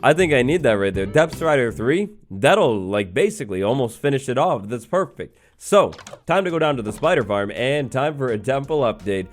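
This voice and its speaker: A man's voice: medium pitch, very animated, moderate pace, hardly any pauses, faint music behind. A young man giving casual, rambling commentary over his own gameplay, joking and filling gaps with "like" and "uh". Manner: rambling, joking, full of fillers and mock-innocent asides. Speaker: let's play host.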